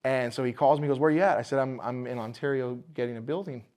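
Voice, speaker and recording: A man's voice: medium pitch, fairly even intonation, quick pace, darkish tone. A man, a bar owner, telling the story of buying his building in a casual podcast interview, acting out the voices of the people in it.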